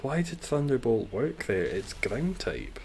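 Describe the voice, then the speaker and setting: A man's voice: mid-range voice, wildly swooping pitch, a little slow, gravelly, a little mellow, slight background noise. A man streaming a game live, chatting casually with viewers, reacting and swearing freely.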